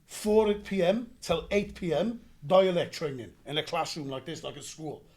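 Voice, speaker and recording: Welsh man, young adult, higher-pitched voice, animated storyteller, makes gunfire noises. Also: moderate pace, husky. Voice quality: excitable, acts out gunfire with sound effects. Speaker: actor guest. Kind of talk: animated storytelling in casual interview.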